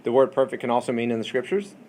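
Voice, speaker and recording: Bible teacher, man, mid-pitched, conversational lecture in a classroom with light noise. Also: expressive, very fast, a little mellow. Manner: conversational, asks the class questions, many fillers.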